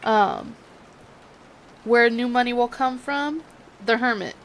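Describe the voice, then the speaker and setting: A woman's voice: a little high, lively intonation, slow, vocal fry, a bit bright, slight background noise, rough recording. A young woman with a Californian accent that slips into a southern drawl, giving a chatty, self-mocking tarot reading. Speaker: tarot reader. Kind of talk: casual tarot reading chat.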